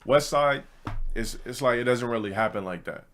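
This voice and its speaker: A man's voice: mid-range voice, normal speed, a bit bright, slight background noise. A man streaming, telling a rambling story to his chat in blunt, profane casual talk. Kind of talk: casual ranting monologue to a live chat.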